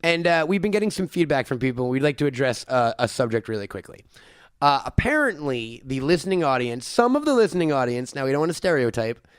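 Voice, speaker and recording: A man's voice: medium pitch, big pitch swings, quick pace, clear, resonant tone, no echo, studio quality. A man from New York co-hosting a podcast, bantering and joking in casual chat. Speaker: podcast co-host.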